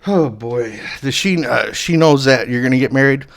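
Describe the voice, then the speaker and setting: A man hosting a comedy talk show, halting and full of ums and uhs. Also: medium pitch, gravelly, dry recording. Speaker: host.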